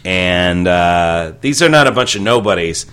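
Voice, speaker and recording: A man's voice: low voice, expressive, measured pace, fairly bright tone, clear, resonant tone. A man co-hosting a radio show, reading odd news stories aloud in casual, wry banter. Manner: reads news items aloud, wry, loose and rambling.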